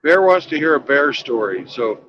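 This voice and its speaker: A man's voice: a little high, lively intonation, moderate pace, muffled recording, a little hiss or hum. A man hosting a casual talk show, joking with callers and telling a long joke. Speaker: host.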